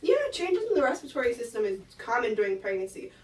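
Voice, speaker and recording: Teen girl as friendly prenatal doctor, school skit, slightly high voice, echoey room. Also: very animated, fast talker, a little mellow. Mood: explaining. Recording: roomy far-off camera audio.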